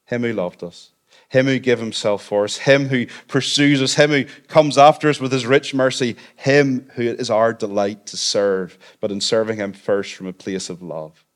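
A man's voice: medium pitch, fairly even intonation, moderate pace. A man pastor delivers a Sunday sermon in a mid-range voice. He is earnest and conversational. He breaks in with light, self-deprecating humor.

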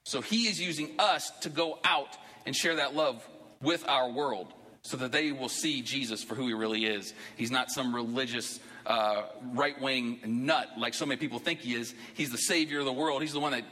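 Man, pastor, sermon, quick, bright and forceful, conversational with emphatic bursts, echoing church hall. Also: mid-range voice. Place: church sanctuary.

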